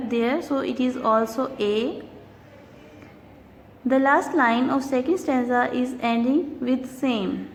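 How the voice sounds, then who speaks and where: A woman teaching an English poetry lesson, speaking slowly and deliberately and counting syllables aloud. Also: high-pitched. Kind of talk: recorded classroom lesson. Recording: long reverb, faint noise.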